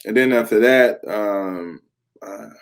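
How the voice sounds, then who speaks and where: Speaking slowly in a voice on the low side, this man in his thirties recounts his life openly as an interview guest and ex-pro football player. He's a lively storyteller who does the voices of the people he quotes and breaks into laughter.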